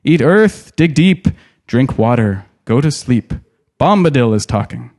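A man's voice: mid-range voice, animated, a little slow, a little mellow. A man voicing a jolly, carefree old forest spirit with a rustic, sing-song way of speaking in a storybook reading. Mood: hearty.

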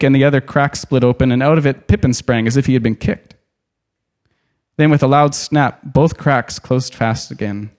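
A man reading a novel aloud in an expressive, dramatic way, pausing to add his own comments. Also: mid-range voice. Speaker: storyteller.

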